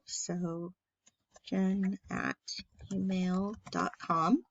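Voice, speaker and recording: A woman's voice: fairly low pitch, dry recording, highs cut off. Lady friendly woman walking through steps. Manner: friendly, plain step-by-step walkthrough with filler ums. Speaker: church staff member. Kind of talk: casual screen-recorded tutorial.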